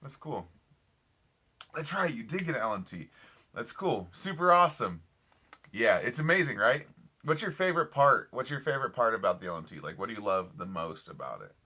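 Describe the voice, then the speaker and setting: A man's voice: lowish voice, animated, fairly quick, bright, forceful tone, breathy edge. A young man live streaming from his parked car at night, chatting casually with viewers in an enthusiastic, rambling way full of fillers and repeats. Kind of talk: casual live stream chat reading comments.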